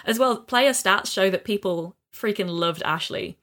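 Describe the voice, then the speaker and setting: A woman's voice: mid-range voice, unhurried, a bit bright. A woman co-hosting a casual podcast, retelling a game story with enthusiasm and many fillers. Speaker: podcast co-host.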